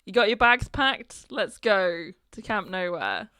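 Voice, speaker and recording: Wry British woman, quick to laugh. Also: medium pitch, big pitch swings, sharp tone, clean tone, no echo. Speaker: podcast co-host. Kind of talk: casual chat.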